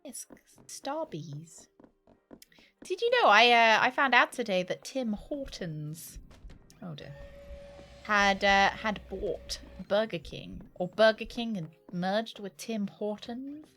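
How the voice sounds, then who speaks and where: A woman's voice: mid-range voice, lively intonation, slow, a bit bright. Young woman, British accent, playful and chatty, faint background music, casual let's-play banter. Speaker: streamer.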